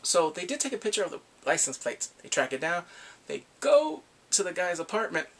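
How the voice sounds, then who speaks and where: A man casually recapping drama episodes, animated and laughing often, acting out the characters' lines. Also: high voice, fairly quick. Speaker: drama reviewer.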